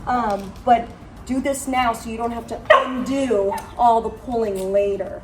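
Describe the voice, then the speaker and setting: A woman dog trainer gives an outdoor demonstration on a driveway or street, praising the dog and offering instructive guidance to the owners. She speaks a little high and a little slowly with fairly even intonation, sounding roomy and far from the mic beneath heavy background noise.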